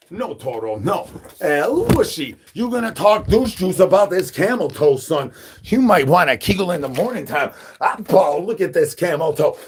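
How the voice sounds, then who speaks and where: In a breathy voice that sits on the high side, a man does a crude and absurd comedy monologue. The comedy streamer reels off rhyming nonsense and catchphrases over and over, calling out for brains like a zombie.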